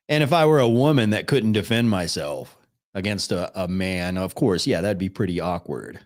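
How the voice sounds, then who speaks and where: A man's voice: fairly low pitch, animated, moderate pace. A man hosting a live stream, reacting to videos and talking to his chat in a blunt, sarcastic way. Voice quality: blunt, swears casually, sarcastic. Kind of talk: casual live-stream commentary.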